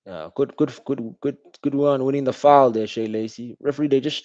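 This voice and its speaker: A man's voice: medium pitch, steady tone, brisk, few pauses, dry recording. Slangy man reacting to football. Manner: casual, slangy, reacts loudly to referee calls. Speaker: football watch-along streamer. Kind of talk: live match reaction commentary. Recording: dull, dry home stream audio.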